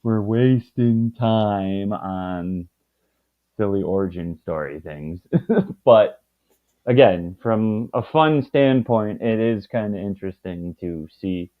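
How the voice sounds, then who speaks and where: A man's voice: on the low side, takes it slowly. A man guesting on a casual comic review chat, rambling and stumbling over his words. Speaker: guest co-host. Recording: tinny phone-like call audio.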